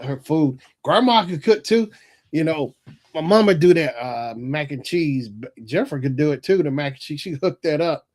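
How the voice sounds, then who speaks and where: A man from North Carolina, hosting a casual live stream in a relaxed, rambling way and often chuckling as he reads chat aloud. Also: a little high. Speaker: livestream host reading chat.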